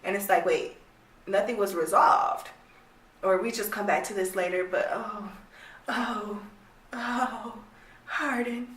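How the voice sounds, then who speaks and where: A woman's voice: mid-range voice, normal speed, fairly bright tone, slight background noise. A young woman ranting bluntly about a book she hates, exasperated and swearing freely. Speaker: book reviewer. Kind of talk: casual rant review. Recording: echoey room, distant mic.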